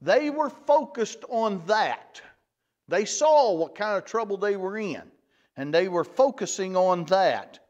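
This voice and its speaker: Man, Bible lesson, folksy and unhurried, high lively voice, dull lo-fi recording. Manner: folksy, repeats words, restarts phrases. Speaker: church teacher.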